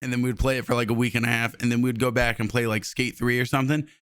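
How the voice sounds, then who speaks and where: A man's voice: medium pitch, level tone, very fast, a bit bright, smooth, no room sound, clean studio sound. A young man co-hosting a podcast, joking and swearing in casual chat, laughing often. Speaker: podcast co-host.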